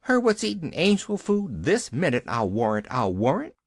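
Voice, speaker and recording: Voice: mid-range voice, wildly swooping pitch, moderate pace, no echo, clean studio sound, pitched above the performer's own voice. A reader voicing Nancy, a flustered rural servant woman who talks in folksy dialect. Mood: wailing.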